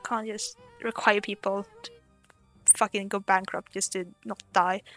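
A woman's voice: mid-range voice, little pitch movement, measured pace, a bit bright, faint music behind. A woman casually commenting as she plays a game, chatty and swearing, laughing at herself. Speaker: let's play host.

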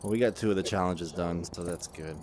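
Deep-voiced player, quick excited callouts, noisy line. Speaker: game player. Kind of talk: casual gaming chat.

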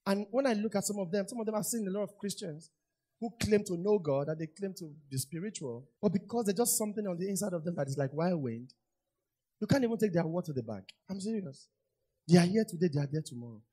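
A man's voice: sits high, darkish tone, breathy edge. A man preaching a sermon, repeating phrases for emphasis and asking the congregation rhetorical questions. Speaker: pastor.

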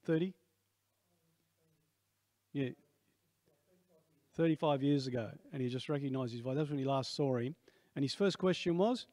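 A man's voice: mid-range voice, moderate pace, long pauses, darkish tone, no echo. Chatty Australian preacher in his sixties. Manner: conversational, rambling with many asides. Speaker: pastor. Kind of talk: sermon.

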